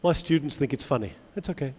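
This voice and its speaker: A man giving a lively conference talk to English teachers, asking the audience many questions. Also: a little high, fast talker, husky. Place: large convention hall. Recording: long hall reverb.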